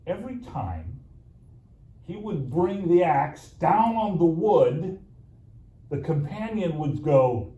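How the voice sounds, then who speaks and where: A man preaching through a story at an unhurried pace, with dramatic pauses and playful asides. His voice is mellow and swoops up and down lively. The sound is roomy and distant, with a faint hum of ambience behind. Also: a little high, highs cut off. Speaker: pastor. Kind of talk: sermon storytelling. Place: church sanctuary. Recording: echoey church room, mic from afar, faint ambience.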